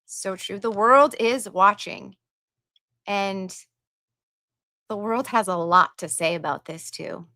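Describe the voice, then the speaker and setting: A woman's voice: medium pitch, slow, long pauses, pushed and bright, dry recording, studio quality. A woman hosting a livestream, chatting casually and reading viewer donations and messages aloud with her own asides.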